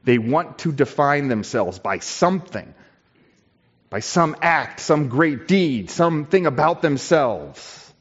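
Male pastor, unhurried sermon delivery, muffled lo-fi sound. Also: fairly high pitch, lively intonation, breathy edge. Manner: slow, emphatic preaching with repeated phrases. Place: church.

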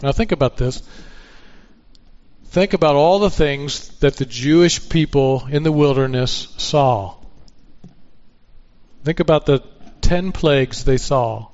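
A man's voice: a little high, measured pace, pauses often, a little mellow, lo-fi sound. A man preaching a sermon in an earnest tone, often asking rhetorical questions. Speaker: pastor.

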